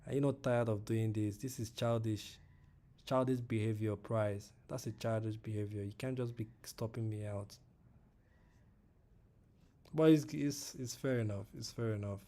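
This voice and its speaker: A man's voice: fairly low pitch, fairly even intonation, moderate pace, mellow. A man commenting live on his forex trades, repeating himself and talking to viewers in the chat and to the price itself. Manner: repeats phrases, many fillers. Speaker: forex trading streamer. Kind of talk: live trading stream commentary.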